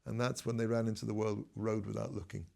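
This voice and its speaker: A man, a rabbi, giving a relaxed, conversational Torah lesson, telling stories and mixing in Hebrew terms. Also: fairly low pitch, fast talker, creaky. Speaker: rabbi teaching a class.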